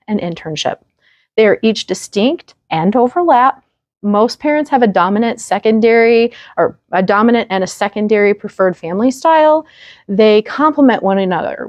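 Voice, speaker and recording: A woman's voice: medium pitch, darkish tone, no echo, studio quality. A woman hosting her own parenting vlog, talking straight to the viewer in an earnest, encouraging way. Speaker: parenting channel host. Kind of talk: direct-to-camera parenting advice vlog.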